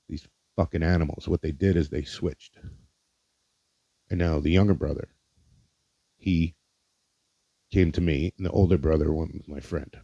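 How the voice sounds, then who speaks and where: A man with a very low, dark voice tells a personal story for his podcast, blunt and heavy with swearing. He often stumbles and repeats words as he goes. The recording is dull and dry, with no room sound. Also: vocal fry, dry recording. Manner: candid, profane, halting with repeated words. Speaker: podcast host.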